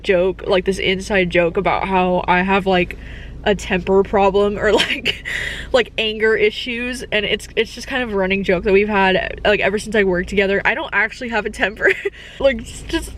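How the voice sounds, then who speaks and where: A woman's voice: medium pitch, moderate pace. A young woman vlogging in casual chat, gushing and laughing often, filling her talk with "like". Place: home room at night, speaking softly. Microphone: on-camera mic. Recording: background noise.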